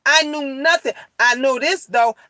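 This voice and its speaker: A woman's voice: high-pitched, moderate pace, bright, forceful tone, dry recording. A middle-aged woman livestreaming to her viewers in a casual chat, heated and profane, repeating herself for emphasis and answering comments as she goes.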